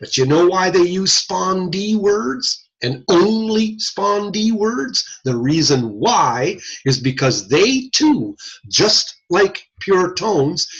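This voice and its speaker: Husky-voiced man lecturing, lively pitch. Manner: conversational, repeats points with frequent "okay?" checks. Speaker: audiology lecturer. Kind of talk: informal recorded lecture. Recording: slightly husky voice, dull lo-fi audio.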